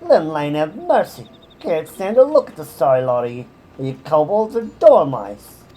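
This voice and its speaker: A woman voicing a brash, tough warrior woman in a game who scolds loudly and gruffly. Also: sits low, sing-song, normal speed, exaggerated voice, poor audio. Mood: scornful.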